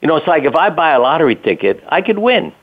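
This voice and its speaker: A man's voice: a little high, big pitch swings, fast talker. An older man, a physician and interview guest, telling plainspoken anecdotes in a casual conversational way, with the odd curse. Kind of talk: conversational storytelling. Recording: tinny phone line.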